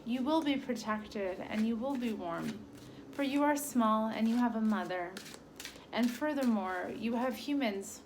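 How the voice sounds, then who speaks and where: A woman voicing a gloomy, lonely ram who speaks in slow, sighing, solemn phrases. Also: on the high side, animated, background noise. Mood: weary.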